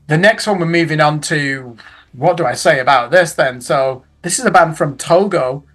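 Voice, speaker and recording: A man's voice: on the high side, normal speed, fairly bright tone, soft background music. Chatty middle-aged man. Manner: chatty, tag questions, frequent self-corrections. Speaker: music reviewer. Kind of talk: casual album roundup.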